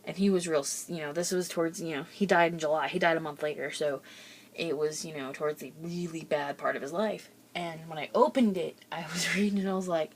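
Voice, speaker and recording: A woman's voice: low voice, fairly even intonation, a little fast, a little hiss or hum. Chatty young woman telling home stories. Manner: chatty, rambling, laughs through her stories. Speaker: vlogger. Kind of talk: casual storytelling.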